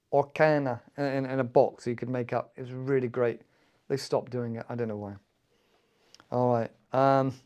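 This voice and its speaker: A middle-aged man hosting a podcast, chatting in a relaxed way with lots of fillers and restarts. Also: a little high, smooth. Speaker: podcast host. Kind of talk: casual talk for English learners.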